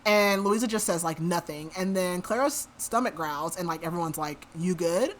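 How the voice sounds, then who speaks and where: Speaking at a moderate pace, a woman podcast host with a fairly low, slightly bright voice retells a novel's plot in a casual book recap. She's chatty, uses "like" a lot, and voices quoted characters in her own natural way.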